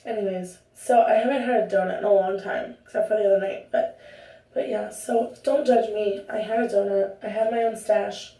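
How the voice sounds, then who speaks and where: A woman's voice: medium pitch, steady tone, normal speed, warm tone. A young woman vlogging at home, talking casually to the camera in a rambling, chatty way that keeps interrupting itself. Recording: roomy echo, distant from the mic.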